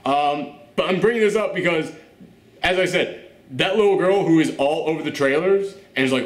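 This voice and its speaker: A man hosting a casual movie rant, animated and exasperated, swearing and laughing often. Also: on the high side, fairly quick. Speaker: host. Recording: roomy echo.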